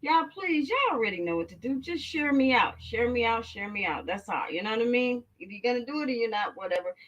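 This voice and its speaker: High, bright-voiced Texan woman storyteller. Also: a little fast, muffled recording. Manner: animated, profane storytelling. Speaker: live-stream host. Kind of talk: casual live-stream chat.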